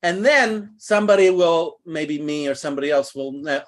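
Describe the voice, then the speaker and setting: A man teaching an online English class over a video call, explaining slowly and patiently. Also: on the high side. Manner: patient, slow, deliberate explaining.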